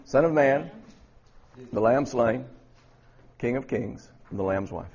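A man with a husky voice teaching a Bible study class, often repeating words and quizzing his students. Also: mid-range voice, slow pace, darkish tone, muffled recording.

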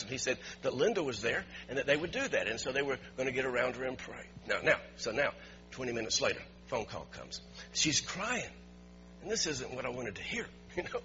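A man preaching as a pastor, telling a story in an animated way and building to emphatic shouts, recorded in a church. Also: mid-range voice, fairly quick, soft background music. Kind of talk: storytelling sermon. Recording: dull lo-fi recording with faint hum.

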